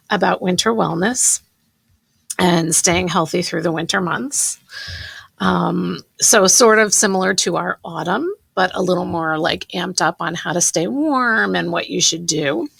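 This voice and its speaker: A middle-aged woman with a gravelly, husky voice co-hosts a podcast in easy conversation. She is chatty and laughs often. Her voice sits a little low and sounds close and dry. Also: a bit bright, dry recording. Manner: chatty, laughs easily, reads testimonials aloud. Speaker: podcast co-host. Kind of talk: casual podcast chat.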